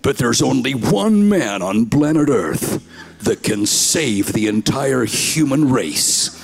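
A booming male movie-trailer announcer, put on by a man, rolling out slow, dramatic pronouncements. The tone sits far below a normal speaking voice and has a gravelly rasp. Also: very animated, full character voice. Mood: ominous.

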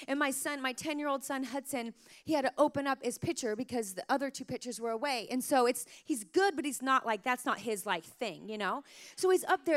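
A woman in her thirties, a mother telling emotional family stories in a casual, animated way, full of "like" fillers, her throat a little sore. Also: on the high side, clean tone. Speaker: mother sharing parenting stories. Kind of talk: casual storytelling to camera.

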